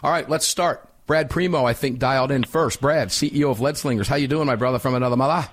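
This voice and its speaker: Middle-aged guy hosting talk radio, fired up and folksy, stretches words out, mid-pitched voice. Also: fast talker. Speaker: radio talk show host.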